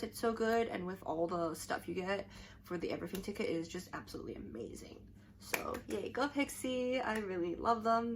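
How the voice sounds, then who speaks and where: A woman's voice: mid-range voice, a bit bright, a little hiss or hum. A young adult woman vlogging to camera, telling a story in a chatty, rambling way full of "like" and restarts.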